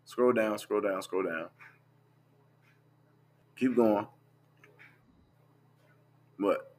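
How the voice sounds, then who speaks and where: A man's voice: fairly low pitch, takes it slowly, long pauses. A young man, talking bluntly and profanely in a casual livestream, scrolling through screenshots as he goes. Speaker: vlogger.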